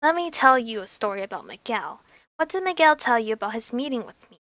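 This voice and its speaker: A woman's voice: fairly high pitch, fairly quick, no room sound. A woman reading a sly, cool sorceress. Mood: storytelling. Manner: calm, cool, probing questions. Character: sly young woman sorceress who cursed men. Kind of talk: reading game dialogue aloud.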